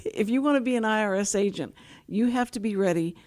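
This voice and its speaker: An older woman with a drawl hosts a relaxed talk show. She tells long, winding stories, stopping and restarting mid-sentence. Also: mid-range voice, a little fast. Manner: chatty, rambling storyteller with many restarts. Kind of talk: casual talk show interview.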